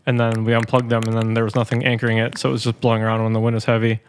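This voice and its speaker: A man co-hosting a podcast in casual, jokey chat, with quick offhand bursts. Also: medium pitch, monotone, slight background noise. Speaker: podcast co-host.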